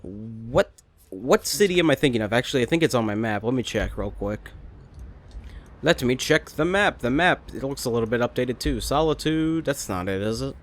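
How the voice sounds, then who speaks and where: A man's voice: medium pitch, animated, moderate pace. A young adult man hosting a let's play, rambling and making sarcastic jokes at the game characters. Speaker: gaming channel host.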